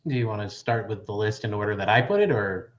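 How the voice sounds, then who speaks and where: A man guesting on a casual gaming podcast, relaxed and brief in his replies. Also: fairly low pitch, quick pace. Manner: relaxed, brief, laughs easily. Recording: dull lo-fi line with faint noise.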